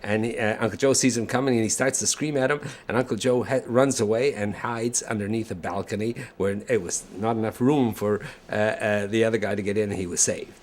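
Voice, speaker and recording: Halting older man telling family stories. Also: on the low side, fairly even intonation, slight background noise. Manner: halting, chuckling storyteller. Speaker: family storyteller. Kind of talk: casual reminiscing.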